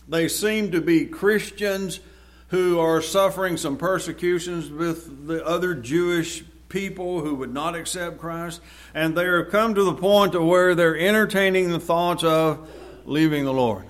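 Male preacher, slightly high voice, sermon delivery, reads verses forcefully then explains plainly. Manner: reads scripture aloud with rising force, then explains it conversationally.

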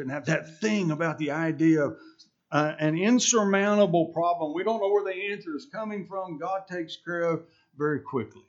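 A man preaching a sermon, reading scripture aloud and slowing down on key phrases. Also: a little high, muffled recording. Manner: reads scripture aloud, slows down for emphasis.

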